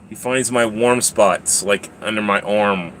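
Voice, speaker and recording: A man's voice: on the low side, a little slow, fairly bright tone, slight background noise. A man hosting a casual livestream, rambling, laughing often and talking to his cat. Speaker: livestream host.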